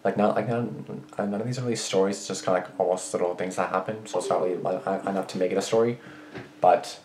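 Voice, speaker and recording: A man's voice: sits low, steady tone, fast, background noise. A young man vlogging, rambling through anecdotes with lots of restarts and swearing. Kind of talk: casual rambling storytelling. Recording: roomy echo.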